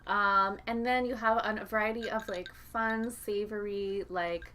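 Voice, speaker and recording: Woman rambling on a home livestream, lots of um and like, middle pitch, faint room noise. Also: steady tone, unhurried, pushed and bright. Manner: chatty, rambling, many filler words. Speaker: musician co-hosting a livestream. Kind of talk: casual chat. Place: home, indoors.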